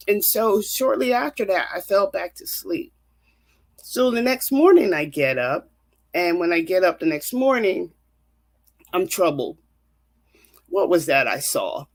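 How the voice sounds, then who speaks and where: A woman's voice: lowish voice, expressive, unhurried. A woman counselor telling a personal faith testimony in an earnest, vivid storytelling manner. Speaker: counselor and guest.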